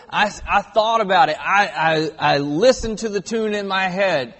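A man's voice: high voice, measured pace, fairly bright tone. A man in his thirties preaching a sermon in a church auditorium, earnest and stressing key words. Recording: long hall reverb.

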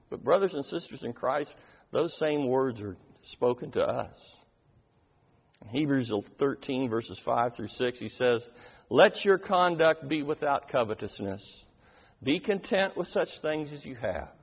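A man preaching a sermon, reading scripture with strong emphasis and slowing down on key lines. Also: mid-range voice, expressive, breathy edge. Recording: reverberant hall.

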